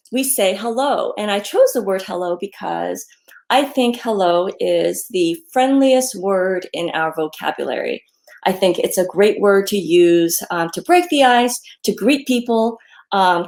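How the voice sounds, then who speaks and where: A woman reading her picture book aloud to children, in a gentle, friendly storytime manner with many pauses and ums. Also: mid-range voice, vocal fry.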